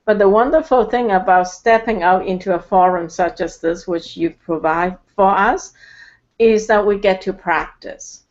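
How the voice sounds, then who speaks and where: Slow, halting woman with dull audio. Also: medium pitch, darkish tone. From Canada. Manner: halting, many fillers, slow and careful. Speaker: guest. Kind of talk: casual chat.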